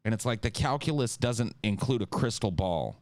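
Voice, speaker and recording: A man with a very low voice rants heatedly on a podcast, cursing freely. He breaks into mocking impressions of the people he argues against. The sound is dry and close to the mic. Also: moderate pace, no echo. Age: adult (an incumbent lost twice in his lifetime). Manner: profane, animated, mocks others with impressions. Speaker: podcast co-host. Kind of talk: heated political podcast rant.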